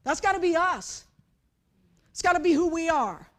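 A high-pitched woman delivers a sermon. She tells stories with animated energy, dropping to a hush and then rising loud, and acts out little voices as she goes. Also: normal speed. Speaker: pastor.

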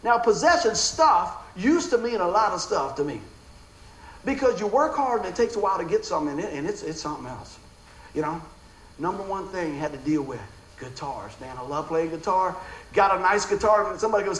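Lively laughing preacher man. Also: high voice, normal speed. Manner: animated storytelling with frequent laughter. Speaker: pastor. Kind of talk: sermon. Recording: echoey room with faint background noise.

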